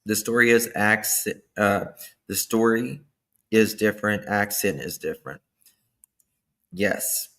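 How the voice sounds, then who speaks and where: A man's voice: lowish voice, slow pace, pauses often, pushed and bright. A man hosting a casual livestream, chatting loosely and thanking viewers by name. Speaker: livestream host.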